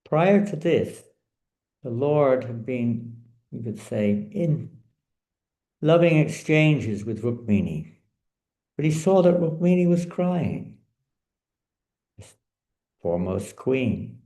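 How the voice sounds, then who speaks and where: Dark gravelly-voiced man telling a sermon story. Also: mid-range voice, slow pace, long pauses, reverberant, poor audio. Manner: animated storyteller. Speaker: spiritual teacher. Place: in India.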